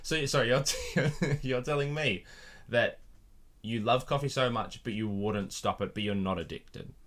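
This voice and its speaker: A man's voice: mid-range voice, moderate pace, fairly bright tone. A young man co-hosting a podcast, chatting casually with a jokey manner and frequent laughs. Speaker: podcast co-host. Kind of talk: casual chat. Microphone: studio microphone.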